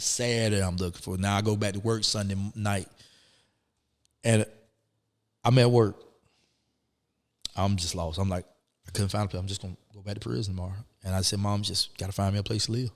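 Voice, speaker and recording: A man's voice: fairly low pitch, big-room sound. A man, telling his story as a guest in a casual interview and acting out the people in it. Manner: animated, acts out quoted people.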